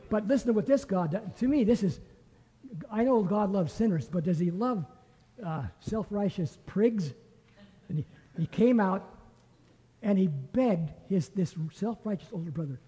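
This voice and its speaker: An older man teaches scripture in a lively storytelling way, acting out the voices in the story. His voice is dark and a little husky, and a long hall reverb trails behind it. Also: high voice, moderate pace. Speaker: Bible teacher. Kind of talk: teaching a Bible class.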